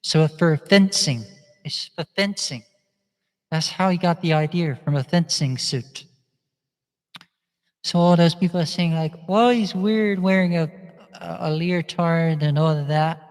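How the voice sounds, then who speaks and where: A man vlogs in a casual, meandering monologue, laughing often as he talks. His voice is fairly high, smooth, and unhurried, and the recording carries a long, echoing reverb.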